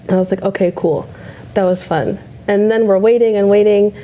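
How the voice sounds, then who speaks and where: A woman's voice: medium pitch, steady tone, brisk, dark tone. A young adult woman, a bodybuilding competitor, telling a story casually and acting out her own past thoughts.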